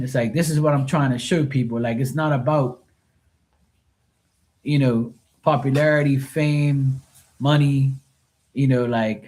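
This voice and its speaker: On a live tarot stream, a man with a medium-pitched, dark voice chats casually, rambling along and swearing freely.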